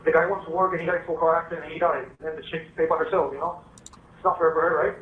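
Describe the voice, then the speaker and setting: A man's voice: a little high, flat delivery, very fast. A man rambling on a recorded jail phone call, full of fillers. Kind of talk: phone conversation. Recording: tinny echoey jail phone line, faint noise.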